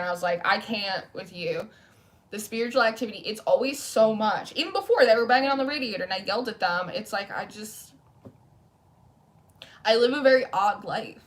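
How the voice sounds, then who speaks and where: A young woman talks casually through a live tarot stream from a candlelit room at home. She rambles and chats freely, reading out viewers' comments and answering them as she goes. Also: medium pitch. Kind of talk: casual livestream chat.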